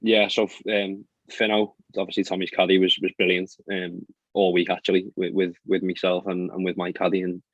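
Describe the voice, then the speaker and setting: Young man, golfer guest, quick chatty storytelling, dull lo-fi recording. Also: deep voice, flat delivery, dry recording. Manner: fast, chatty storytelling with frequent fillers and laughs. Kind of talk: casual podcast chat. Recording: dry, dull lo-fi sound.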